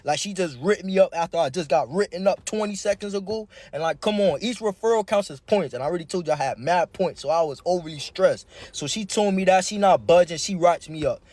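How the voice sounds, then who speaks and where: A man's voice: sits high, fairly quick, few pauses, no room sound. A young man telling a personal story to camera in casual, slangy style, often speaking straight to the listener. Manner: animated, slangy, addresses the listener directly.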